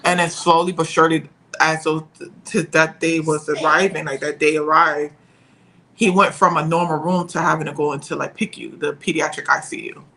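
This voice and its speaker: A young woman with a bright, forward voice recounts a personal loss as a podcast guest. She speaks haltingly, restarting phrases as she searches for her words, over a faint hiss in the background. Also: low-pitched, flat delivery, poor audio. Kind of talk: emotional personal storytelling.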